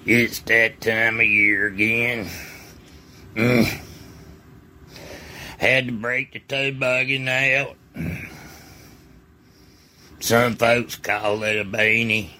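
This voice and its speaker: A man with a Southern US accent speaking in a slow, folksy drawl in a shared video clip. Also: mid-range voice, steady tone, bright, forceful tone, a little hiss or hum.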